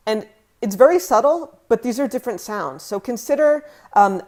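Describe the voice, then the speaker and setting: A woman's voice: medium pitch, lively intonation, moderate pace, darkish tone. American woman teaching French pronunciation. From United States. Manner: clear and emphatic, demonstrating French words. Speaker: language vlogger. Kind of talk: scripted teaching vlog.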